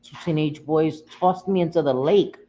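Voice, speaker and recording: A woman's voice: low voice, moderate pace, mellow. A woman hosting a casual livestream from home, talking emotionally and confidingly with viewers, close to tears and often repeating herself. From United States. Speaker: livestream host. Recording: dull lo-fi audio with faint room noise.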